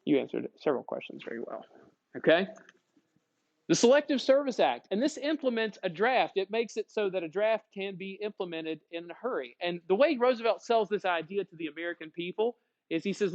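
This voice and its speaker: Energetic high-voiced male history teacher. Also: fairly quick, lo-fi sound. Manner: energetic, asks questions to the class. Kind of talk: classroom lecture.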